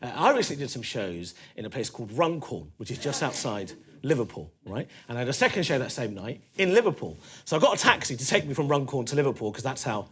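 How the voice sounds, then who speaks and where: A man in his thirties with a London accent, performing a stand-up set in a comedy club, conversational and punchy, with quick asides to the crowd. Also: medium pitch, very animated, fairly bright tone, slightly rough. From East London.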